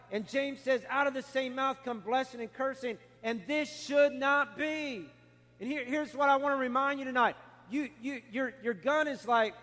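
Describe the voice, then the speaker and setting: A man preaching a sermon with emphatic, repeated key lines. His voice sits high for a man, and a long reverb hangs behind him in the church hall. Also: fairly bright tone.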